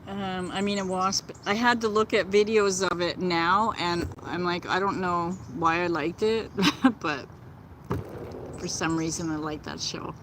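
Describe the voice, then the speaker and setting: Brief: unhurried woman live-streaming outdoors, soft chatter and giggles, faint background hiss. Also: lowish voice, steady tone, rough recording. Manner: gentle, chatty, laughs often. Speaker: vlogger. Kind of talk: casual live-stream chat. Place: outdoors in nature.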